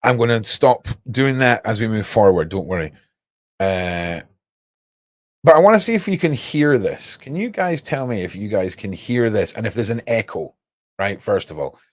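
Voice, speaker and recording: A man's voice: fairly low pitch, animated, normal speed, no echo. A young man hosting a livestream, rambling casually and talking straight to his chat viewers. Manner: rambling, cryptic, chats to viewers. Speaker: livestream host.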